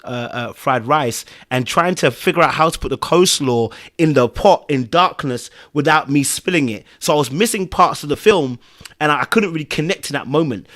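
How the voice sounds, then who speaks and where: A man with a British accent co-hosting a casual podcast, animated and swinging between loud bursts and hushed asides. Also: medium pitch. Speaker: podcast co-host.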